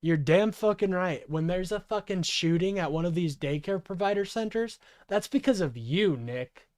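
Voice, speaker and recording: A man's voice: high-pitched, animated, normal speed, darkish tone, dry recording, studio quality. A man in his twenties giving profane, heated reaction commentary on a clip. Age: 20s. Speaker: political streamer.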